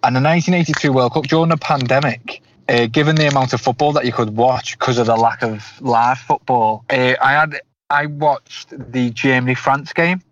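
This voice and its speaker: A man's voice: mid-range voice, steady tone, normal speed, fairly bright tone. A man in his thirties hosting a football podcast, asking long, meandering interview questions. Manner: rambling, many restarts. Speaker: podcast host. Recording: dull lo-fi podcast audio.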